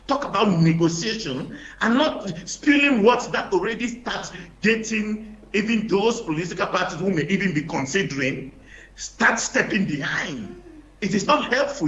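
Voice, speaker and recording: A man's voice: sits high, muffled recording. Emphatic Cameroonian man on an echoey line. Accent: Cameroonian English. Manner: emphatic, repeats words while searching, many fillers. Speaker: opposition party panelist. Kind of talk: studio panel debate.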